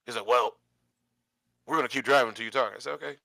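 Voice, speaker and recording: A man telling a long personal story in casual chat, animated and acting out the quotes with laughs. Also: medium pitch, racing, vocal fry, no echo.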